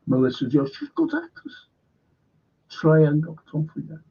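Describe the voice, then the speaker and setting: A man's voice: fairly high pitch, sing-song, moderate pace, mellow, breathy edge, highs cut off. A man hosting a film and TV review livestream, talking bluntly and swearing often as he rambles on, frustrated and in pain. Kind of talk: casual livestream chat.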